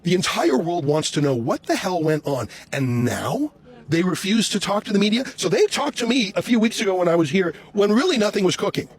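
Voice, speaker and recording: A man reporting outdoors on the street, loudly and sarcastically firing questions at police officers. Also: high-pitched, sing-song, fairly quick, husky.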